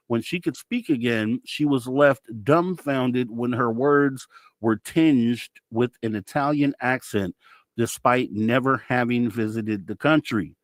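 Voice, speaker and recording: A male host reads out odd news stories at a moderate pitch, tripping over a word here and there and backing up to fix it. The sound is dry and close, with no room around it. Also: no room sound. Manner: reads aloud with stumbles and self-corrections. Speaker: podcast host. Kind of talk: reading weird news stories aloud.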